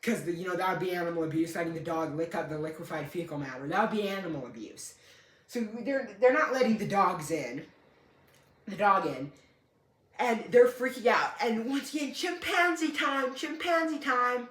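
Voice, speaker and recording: A young man spins a casual story, doubling back and fixing his own words as he goes, with a dry streak of humor. His voice is bright and edged with tension. It rings in a room with a noticeable echo. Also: a little high, animated, a little fast. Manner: rambling, self-correcting, dry humor. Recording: echoey room.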